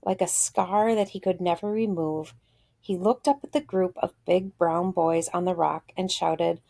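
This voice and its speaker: A woman literature teacher reads a short story aloud and stops often to think aloud about it, pausing with fillers. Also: on the low side, steady tone, vocal fry, darkish tone. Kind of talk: reading a story aloud with commentary.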